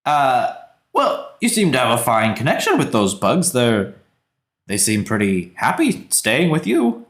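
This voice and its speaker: A man's voice: medium pitch, huge pitch swings, a little slow, a bit bright, reverberant. A man voicing an older male dwarf shopkeeper who talks with an eager, salesy manner in a tabletop game.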